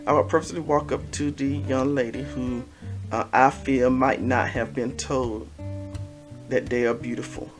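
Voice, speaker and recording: A man talking casually to camera, giving repetitive, gently preachy life advice as a vlogger. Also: mid-range voice, fairly even intonation, moderate pace, over music.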